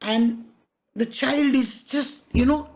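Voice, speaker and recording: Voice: high voice, fairly even intonation, darkish tone. A spiritual master giving a devotional discourse, telling a parable with frequent chuckles. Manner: slow storytelling, chuckling.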